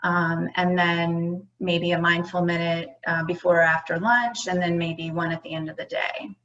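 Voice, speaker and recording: A woman's voice: on the low side, fairly even intonation, moderate pace, fairly bright tone. A woman mindfulness educator giving an online conference talk to teachers, conversational and full of fillers and restarts. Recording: muffled lo-fi audio.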